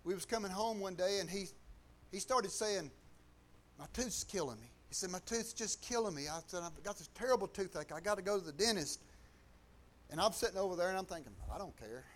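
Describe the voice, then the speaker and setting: A man's voice: high-pitched, fast talker. A man with a Southern US accent telling a faith testimony in a folksy, colloquial way, acting out other people's lines. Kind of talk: testimony storytelling.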